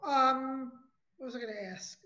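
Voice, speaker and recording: A woman's voice: sits high, little pitch movement, normal speed, bright, forceful tone, lo-fi sound. A woman co-hosting a podcast in casual chat, talking in a scattered, forgetful way. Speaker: podcast co-host.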